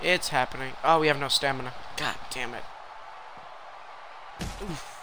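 A young man giving live commentary while he plays a wrestling video game, reacting loudly to every turn. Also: mid-range voice, measured pace, noisy background. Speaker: game streamer.

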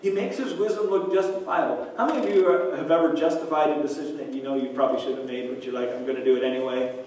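Male pastor, somewhat high voice, conversational sermon full of restarts, heard from a distance with a faint hiss. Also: fast, darkish tone. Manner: conversational preaching with repeated restarts and asides. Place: church sanctuary. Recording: echoey room, mic from a distance.

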